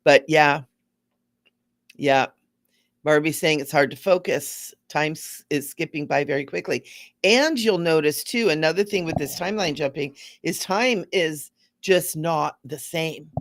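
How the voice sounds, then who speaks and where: A woman giving a casual, rambling spiritual talk to viewers, gently repeating words for emphasis. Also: deep voice, a little slow, dry recording, clean studio sound. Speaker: spiritual teacher hosting a live stream.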